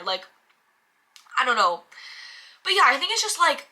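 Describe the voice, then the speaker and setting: Bright-voiced chatty young woman vlogger. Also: high voice, measured pace, pauses often. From United States. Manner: chatty, filler-heavy, animated self-talk. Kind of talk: casual chat to camera.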